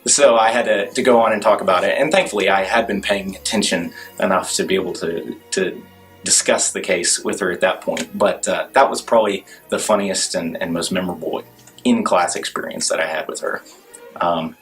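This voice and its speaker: A man's voice: low-pitched, normal speed, fairly bright tone, soft background music, low-quality recording. A man, a law student, telling a wry classroom anecdote to the camera.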